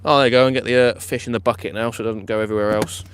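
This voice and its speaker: A man commenting live on his night fishing session, chatty and excitable, laughing often, outdoors by the water. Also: medium pitch, rapid-fire, slight background noise. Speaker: fishing vlogger. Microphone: camera or phone mic on a live stream.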